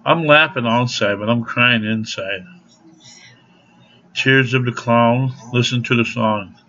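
A man's voice: medium pitch, slow, bright, forceful tone. A man ranting angrily to camera at home in a vlog, cursing freely and laughing through his anger. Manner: profane, angry ranting. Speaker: vlogger. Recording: dull lo-fi recording.

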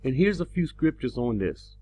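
A man delivering a teaching sermon, slow and emphatic, his pitch rising on the words he stresses. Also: very animated, warm tone. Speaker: preacher.

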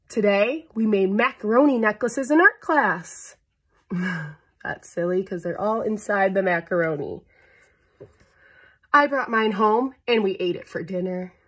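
Woman storyteller for a kids' picture book: slow, breathy, playful with sound effects. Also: mid-range voice, a bit bright. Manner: chats to young listeners between pages. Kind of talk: children's read-aloud storytime.

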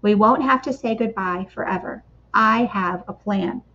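A woman reading as a calm, kind Jesus. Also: medium pitch, measured pace, slight background noise. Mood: gentle. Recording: slightly dull lo-fi recording.

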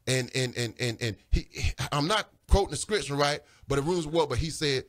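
Fervent, high-pitched man preaching on radio. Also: expressive, brisk, hardly any pauses, a bit bright. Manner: preaching fervently, voice rising and pleading. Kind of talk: impassioned religious radio talk. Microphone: studio microphone.

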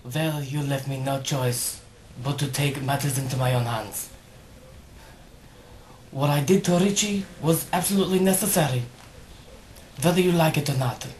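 A man's voice: fairly high pitch, moderate pace, long pauses, a little mellow, slight background noise, natural voice. A man voicing a self-important fairy godmother woman who scolds in a formal tone. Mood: commanding.

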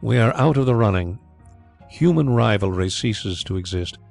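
Carrados, a man voicing a suave blind gentleman. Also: fairly low pitch, normal speed, faint music behind. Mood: calm. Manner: calm, thoughtful, smoothly assured. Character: suave genial blind gentleman detective, man, middle-aged.

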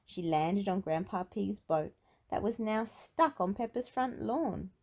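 Woman reading a storybook with lively lilt. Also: mid-range voice, a little slow. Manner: expressive, sing-song storytelling. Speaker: storybook reader. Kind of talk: reading a picture book aloud.

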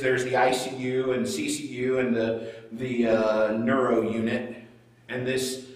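A middle-aged male pastor preaching a sermon as a conversational story, swinging between loud and hushed. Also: mid-range voice. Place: church sanctuary. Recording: echoey church room, voice from far off.

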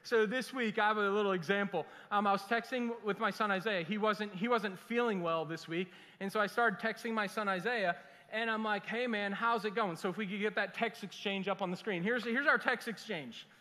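Animated, high-voiced pastor preaching in a church hall. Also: male voice, fairly quick. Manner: animated, jokey storytelling with put-on quoted voices. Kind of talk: sermon. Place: church sanctuary. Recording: reverberant church sanctuary.

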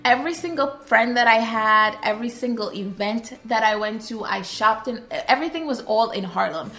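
Bright, chatty woman vlogging. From Trinidad and Tobago. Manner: chatty and animated, with lively jumps in pitch. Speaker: YouTuber. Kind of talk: casual vlog chat to camera.

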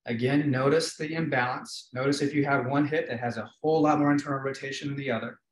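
A man's voice: medium pitch, fairly even intonation, quick pace. A man hosting a live webinar, coaching hip exercises in an encouraging, easygoing way. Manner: encouraging, easygoing, repeats cues.

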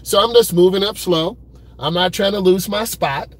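A man talks to his viewers from behind the wheel in an easygoing live-stream chat. His voice sits fairly high, and his manner stays relaxed, direct and conversational. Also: moderate pace. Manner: laid-back, talks straight to viewers, repeats "keeping it real". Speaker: driving vlogger. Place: in a car at an airport pickup lane.

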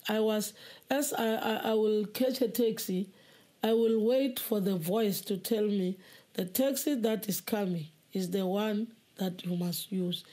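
A woman giving a personal testimony in a halting way, repeating words and acting out the dialogue she quotes. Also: mid-range voice, warm tone. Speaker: testimony speaker.

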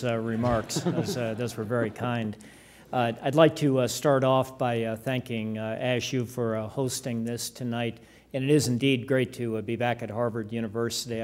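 A middle-aged man, an army general, giving a public lecture in a measured way, with many fillers and some dry humor. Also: mid-range voice, darkish tone. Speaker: guest speaker, army general. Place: lecture hall.

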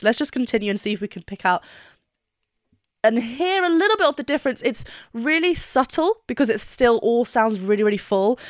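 A woman's voice: medium pitch, no room sound, studio quality. A woman vocal coach reacting to a singing performance and analysing the technique, eagerly breaking into short sung examples as she explains. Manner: enthusiastic, demonstrates notes by singing snippets.

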